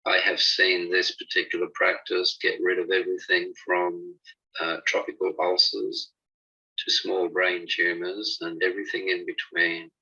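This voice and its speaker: Man, very low and very bright-edged husky voice, calm healing guide, dull lo-fi call audio. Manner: slow, instructive, reassuring guidance. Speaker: spiritual healing teacher. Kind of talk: guided healing session and talk.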